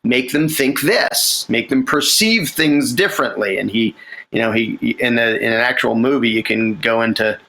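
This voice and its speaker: Bright-voiced man rambling about a script. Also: mid-range voice, normal speed, poor audio. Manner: rambling, many restarts and fillers, acts out lines. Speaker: screenwriter. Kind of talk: casual conversation about a film script.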